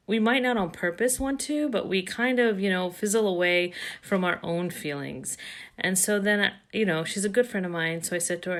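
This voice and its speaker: A woman's voice: medium pitch, fairly bright tone. A middle-aged woman coaching mothers, talking casually to camera and retelling a conversation with many fillers.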